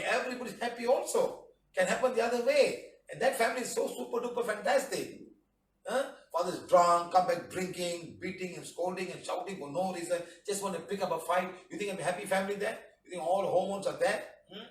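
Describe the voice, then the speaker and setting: A man's voice: high voice, brisk. A man with giving a spiritual healing lecture, chatty, often acting out quoted voices and asking rhetorical questions. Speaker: healing teacher. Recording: echoey room, mic at a distance.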